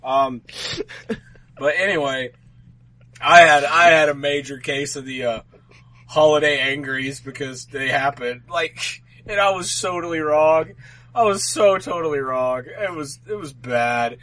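A man's voice: fairly high pitch, unhurried, sharp tone, low-quality recording. A man co-hosting a podcast, telling a rambling, profane, self-mocking story in casual chat. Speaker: podcast co-host.

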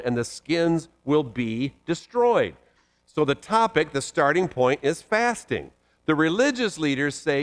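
A man preaching a sermon, reading scripture passages aloud and commenting on them with animated emphasis. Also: a little high. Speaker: pastor.

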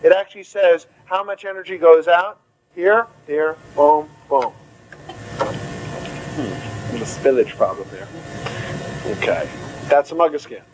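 A man giving a medical lecture to a class in an animated, theatrical way, acting out confused students. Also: fairly high pitch, normal speed, slight background noise, rough recording.

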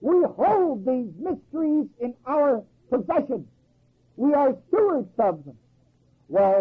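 A man preaches a folksy, emphatic sermon, firing off rhetorical questions and chuckling at his own jokes. His voice is very high, sing-song, and slow with a breathy edge. It sounds like an old, tinny, phone-like recording.

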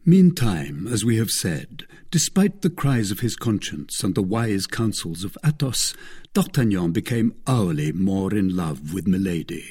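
A man narrating a classic novel as an audiobook, with an expressive, measured reading. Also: low-pitched, husky.

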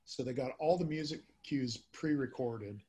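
A man hosting a podcast in a casual chat, speaking haltingly with many filler words. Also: mid-range voice, warm tone, husky. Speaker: podcast host. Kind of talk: casual chat about old-time radio.

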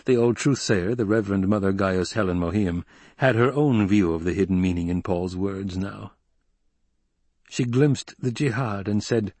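A man narrating an audiobook in a steady, scripted reading. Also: on the low side, moderate pace, no room sound.

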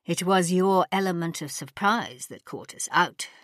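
一位女士演绎的心怀诡计的骄傲军阀. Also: female voice, on the low side, fairly bright tone, no room sound, studio quality. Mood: grudging. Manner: grudging, measured. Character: proud male warlord, scheming.

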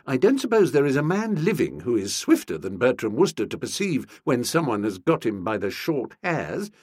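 A man giving an expressive, comic audiobook narration. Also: medium pitch, dry recording, clean studio sound. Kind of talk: scripted narration.

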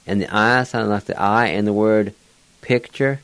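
A man teaching words in a slow, deliberate lesson, spelling them out letter by letter. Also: fairly low pitch, fairly even intonation, a bit bright, smooth, dry recording. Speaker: language teacher.

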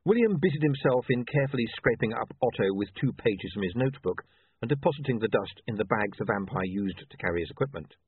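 A man narrating a story in a dry, measured storytelling manner. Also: mid-range voice, lively intonation, husky, no echo. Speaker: audiobook narrator. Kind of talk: scripted narration. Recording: tinny dry phone-like line.

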